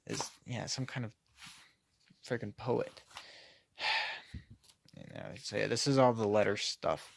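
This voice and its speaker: A man's voice: mid-range voice, gravelly, no room sound, studio quality. A man giving a casual, critical comic book review, hesitating often and sighing.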